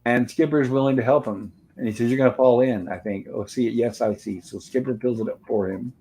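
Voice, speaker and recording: A man's voice: medium pitch, brisk, dark tone, a little hiss or hum, poor audio. A man in the middle of his range recaps old sitcom episodes in a loose, chatty way. He reads the characters' lines aloud as he goes and drops dry little asides between them. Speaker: show host reviewing old TV episodes. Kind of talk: casual recap and commentary.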